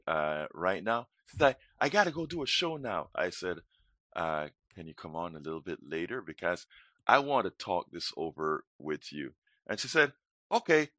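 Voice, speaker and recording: A man's voice: low-pitched, sharp tone, dry recording. A man hosting a political talk show, speaking energetically and repeating words as he starts his sentences.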